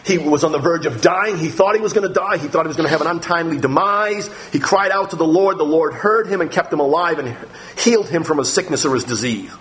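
A man preaching a sermon on the Psalms, talking straight to his listeners and reading scripture slowly with emphasis. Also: on the high side, fairly bright tone, slight background noise. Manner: talks directly to listeners, thinks aloud. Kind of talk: sermon teaching through the Psalms.

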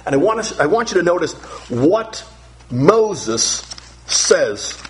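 A man's voice: on the high side, big pitch swings, slow pace. A male pastor delivering a sermon, earnest and emphatic, often repeating words to stress a point.

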